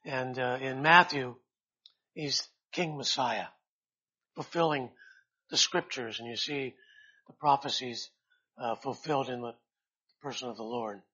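A man preaching a sermon, pausing often and rising loud and high on quoted scripture. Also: husky. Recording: dull lo-fi sound.

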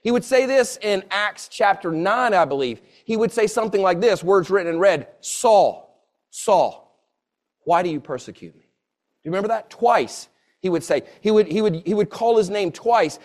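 A man in his forties preaches with a notably high-pitched voice. He is earnest and circles back on his phrases to drive each point home. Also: normal speed. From Southern United States. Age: 40s. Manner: earnest, repeats phrases for emphasis. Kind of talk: sermon.

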